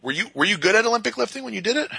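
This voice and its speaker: A man's voice: high voice, very animated, rapid-fire, gravelly, pushed and bright, breathy edge, dry recording. A man interviewing a guest, asking short questions with hesitant fillers.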